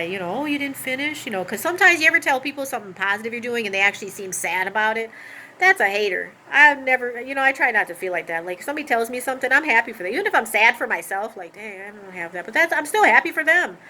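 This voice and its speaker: A woman's voice: medium pitch, lively intonation, quick pace, bright, forceful tone, a little hiss or hum, poor audio. A woman telling a personal story in an emotional, rambling way, full of asides and fillers.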